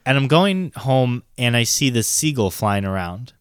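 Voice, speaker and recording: A young adult man casually telling a story on a podcast, animated and swearing, with laughs breaking in. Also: mid-range voice, a little slow, clean tone, no echo, studio quality.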